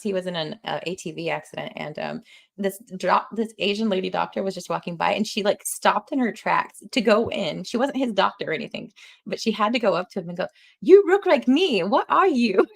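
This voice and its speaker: Giggly, animated woman. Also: medium pitch, a little fast, vocal fry. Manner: animated, laughs often, talks with her hands. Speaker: podcast host. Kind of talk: casual podcast chat.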